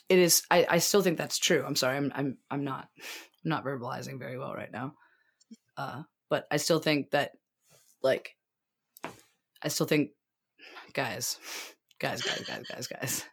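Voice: medium pitch, a bit bright. An anxious co-host rambling and laughing nervously through a casual podcast chat recorded over a remote call. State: anxious and sweaty.

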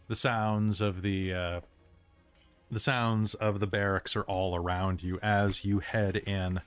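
A man's voice: on the low side, little pitch movement, takes it slowly, clear, resonant tone, soft background music. A man running a tabletop game as game master, narrating loosely with lots of fillers and restarts.

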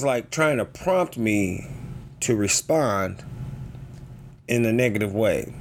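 A man hosting a casual motivational podcast, talking in a joking, animated way and acting out the people in his stories. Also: medium pitch, gravelly, a little hiss or hum. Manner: joking, animated storytelling with quoted voices. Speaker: podcast host.

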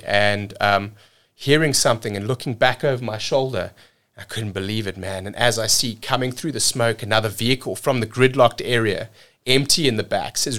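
A man from South Africa telling a story as a podcast guest, energetic and repeating words as he rushes on. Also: lowish voice. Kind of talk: casual storytelling.

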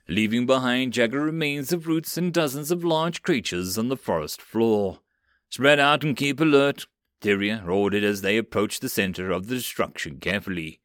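A man reading a web novel audiobook in an animated narration style. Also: lowish voice, dry recording, clean studio sound.

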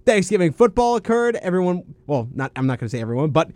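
A man's voice: high-pitched, sing-song, fast talker, darkish tone, dry recording. A young man hosting a college radio sports talk show, speaking in a laid-back, rambling way with fillers and self-corrections.

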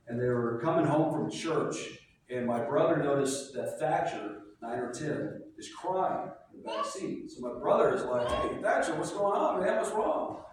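Animated preacher in an echoey hall. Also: male voice, fairly high pitch, distant mic, slight background noise. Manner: animated, storytelling with voiced asides. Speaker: pastor. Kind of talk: sermon.

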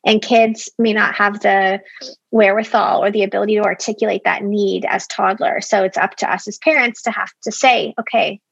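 A woman's voice: medium pitch, fairly even intonation, fairly quick, vocal fry, a bit bright, dry recording, muffled recording. A young adult woman, a founder guest in a casual interview, talking candidly and chattily with lots of "like". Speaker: app company founder as guest.

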